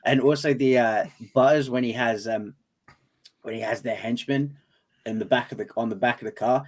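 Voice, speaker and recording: A man's voice: medium pitch, normal speed. Man co-host hesitantly recalling favorite lines. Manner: hesitant with fillers, laughs at his own picks. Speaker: podcast co-host. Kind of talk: casual movie debate chat.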